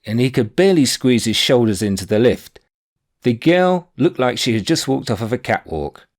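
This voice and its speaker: A man reading his own book aloud, telling a personal anecdote in a wry, animated way. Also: on the low side. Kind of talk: audiobook narration of a personal anecdote.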